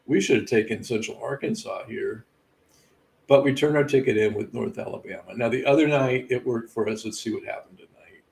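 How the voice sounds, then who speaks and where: A man's voice: mid-range voice, fairly quick, gravelly, a little mellow, rough recording. A man hosting a live sports betting show, casually running through game results with wry asides and laughing at his own missed picks.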